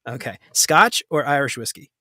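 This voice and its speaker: A man hosting a casual live Q&A, joking and laughing often as he runs through quick questions. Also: mid-range voice, expressive, pushed and bright, dry recording, studio quality. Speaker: host.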